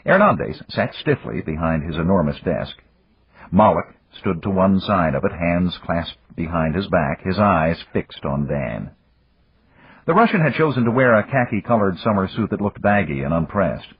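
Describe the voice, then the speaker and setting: Husky low guy reading a novel, lively pitch, dull dry lo-fi recording. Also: normal speed, dry recording. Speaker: audiobook narrator. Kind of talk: scripted narration.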